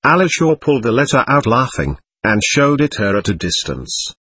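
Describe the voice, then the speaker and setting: A man narrating a novel as an audiobook, reading in an expressive, measured way. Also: medium pitch, breathy edge, no room sound. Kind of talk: scripted narration.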